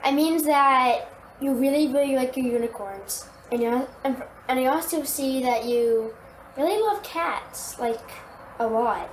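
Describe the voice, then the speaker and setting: Young Joseph sits in prison and answers questions with halting hesitance. A woman plays him, high-pitched and quiet, as if thinking aloud. The room is echoey with faint noise underneath. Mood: hesitant.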